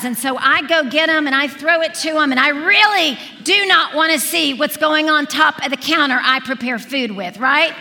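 A woman in her forties preaching, telling a lively story to a congregation and acting out the dialogue. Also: high voice, normal speed, few pauses. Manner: animated storyteller, acts out dialogue. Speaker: speaker at a church service. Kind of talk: storytelling sermon. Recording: reverberant hall.

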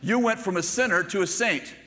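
A man's voice: high voice, a little fast, pushed and bright, long reverb tail. An older man preaching a sermon, telling stories and talking directly to the congregation. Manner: storytelling preacher, conversational asides to the congregation. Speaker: pastor.

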